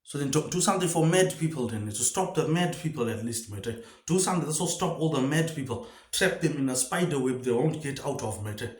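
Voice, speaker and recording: A man's voice: mid-range voice, animated, a little fast, hardly any pauses. A man rambling through a solo monologue, firing off rhetorical questions and tagging "mate" onto nearly every phrase. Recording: echoey room.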